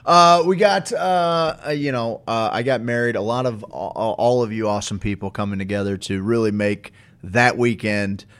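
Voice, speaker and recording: A man's voice: lowish voice, normal speed, fairly bright tone, smooth. A man casually telling stories on a podcast, laid-back, with many "uh"s and casual swearing. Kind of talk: casual storytelling chat.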